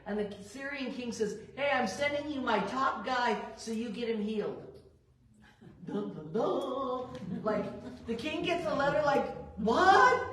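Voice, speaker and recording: A woman leading a Bible study, reading verses and acting out the characters' lines with lively emphasis. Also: fairly high pitch, unhurried, slight background noise. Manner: expressive, acts out biblical characters in quoted dialogue. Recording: roomy echo, voice a bit far from the mic.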